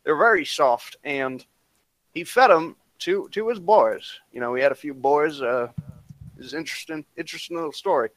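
A man's voice: a little high, lively intonation, fast talker, few pauses, fairly bright tone, no echo. A man putting on a rambling redneck lecturer. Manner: rambling, hesitant, full of made-up facts. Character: rambling male redneck explaining science. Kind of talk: comedic improv impression.

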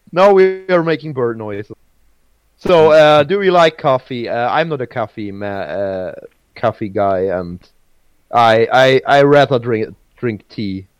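Man, halting, repeats words, slow, dry sound. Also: medium pitch, lively intonation, clean tone, dry recording. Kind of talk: casual chat.

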